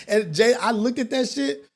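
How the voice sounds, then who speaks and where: A man hosting a talk show, delivering a preachy monologue with street slang and repeated rhetorical questions. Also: sits high. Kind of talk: impassioned monologue.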